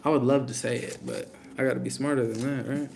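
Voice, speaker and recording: A man's voice: medium pitch, steady tone, fast, creaky, noisy background. A young man giving a casual live tarot reading, blunt and slangy, talking straight to his viewers. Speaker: tarot reader.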